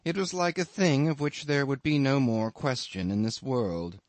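A man reading a classic novel aloud as an audiobook narrator, in a measured, unhurried literary manner. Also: medium pitch, dry recording. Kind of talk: scripted narration.

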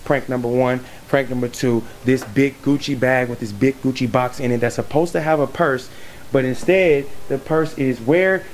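A man's voice: medium pitch, normal speed, slight background noise. A young man vlogging in a hotel room, talking hyped and straight to his viewers about a prank setup. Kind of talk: casual prank vlog talk.

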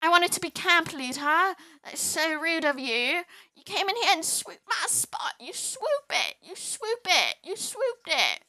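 A woman doing a squeaky sing-song chat voice. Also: sing-song, measured pace, few pauses, sharp tone, dry recording, exaggerated voice. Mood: mock-offended.

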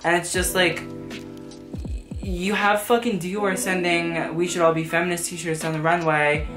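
A woman's voice: fairly low pitch, little pitch movement, unhurried. A woman giving frank, profane, sarcastic commentary in a casual vlog. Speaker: fashion vlogger. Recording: echoey room with background music.

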